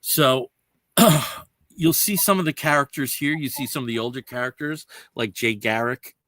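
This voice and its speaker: Bright-voiced man rambling about comics. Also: mid-range voice, normal speed, dry recording. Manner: rambling, many "you know" fillers, explains comics at length. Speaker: podcast host. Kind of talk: casual chat.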